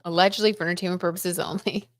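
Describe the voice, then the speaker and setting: Chatty, excitable woman reading tarot live. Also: lowish voice, racing, no echo, studio quality. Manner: chatty and excitable, lots of "oh my god" and "like"; reads viewer comments aloud and reacts. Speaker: tarot reader hosting a live stream.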